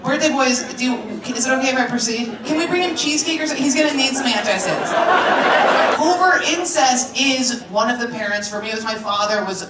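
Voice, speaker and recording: A female stand-up comedian doing crowd work on a club stage, brash and profane, riffing quickly. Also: a little high, far from the mic, heavy background noise. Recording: roomy club sound with a loud crowd.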